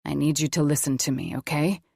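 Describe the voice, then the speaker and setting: Woman voicing a gentle male doctor, calm, soft, reassuring, lowered voice, dry sound. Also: a little fast, creaky, breathy edge, dry recording, exaggerated voice. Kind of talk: audiobook character voice.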